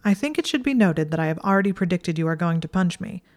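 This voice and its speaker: A woman voicing a sardonic teenage boy wizard who talks in quick, mocking retorts, in an audiobook reading. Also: lowish voice, expressive, darkish tone, natural voice.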